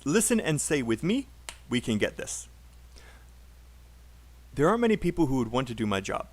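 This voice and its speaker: A man with a British accent teaching a live online English pronunciation lesson, drilling sentences slowly and encouraging students. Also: on the high side.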